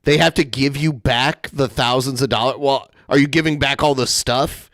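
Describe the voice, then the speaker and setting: A man's voice: mid-range voice, normal speed, no room sound. A male podcast host mockingly commenting on a viral video clip. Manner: sarcastic, animated.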